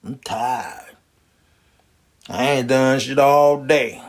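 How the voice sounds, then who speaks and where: A man voicing a lazy, worn-out male slacker who drawls in a sluggish, defeated way, with a husky voice. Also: mid-range voice, extremely slow, voice pushed down.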